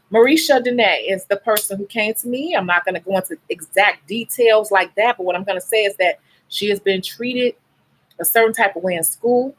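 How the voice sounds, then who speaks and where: On a low-quality recording, a woman with a fairly high, slightly rough voice chats candidly with her livestream viewers. She works as a nail technician and beauty YouTuber, and she sounds worn out and sleep-deprived, talking bluntly and with plenty of emotion.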